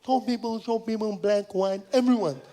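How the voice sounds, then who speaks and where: A man voicing a brash, excited male fan who talks loudly and insistently. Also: high voice, moderate pace, lightly acted. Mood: eager. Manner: loud, insistent, raised voice.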